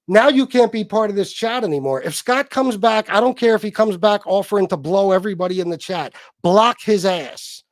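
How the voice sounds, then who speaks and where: A man hosting a live stream, reading the chat aloud and giving shout-outs, swearing heavily in a combative, angry way. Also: sits high, a little fast, hardly any pauses, no room sound, studio quality. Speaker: livestream host reading chat.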